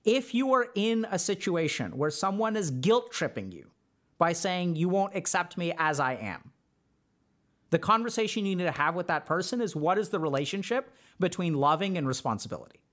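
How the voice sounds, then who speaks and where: Speaking briskly in a high, sing-song voice with a fairly bright tone, this man hosts a podcast in the role of a mental health doctor. His relationship advice comes across as casual, earnest and conversational, peppered with fillers.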